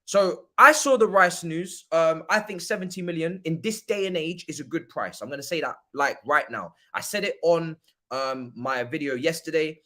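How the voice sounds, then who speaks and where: High, bright-voiced young man. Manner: animated, slangy, rants and shouts in mock outrage; laid-back football opinions. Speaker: host of a football watchalong stream. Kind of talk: casual livestream chat.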